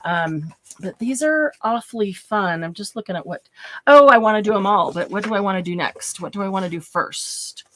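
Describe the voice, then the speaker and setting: A woman's voice: mid-range voice, moderate pace. A woman hosting a casual craft tutorial. She chats, giggles often and thinks aloud while she demonstrates. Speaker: craft channel host.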